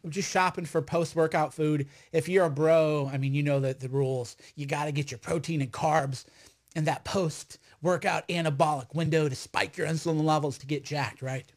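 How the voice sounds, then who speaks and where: A man, an online commentator, telling stories in a loud, rambling, emphatic monologue full of restarts. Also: a little high, fairly even intonation, normal speed. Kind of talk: casual storytelling monologue.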